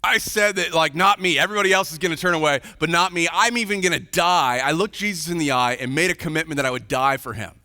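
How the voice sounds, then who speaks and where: A man's voice: fairly high pitch, quick pace, few pauses, pushed and bright, dry recording. A male pastor putting on a proud, impulsive disciple who insists emphatically on his loyalty. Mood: insistent. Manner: emphatic, protesting.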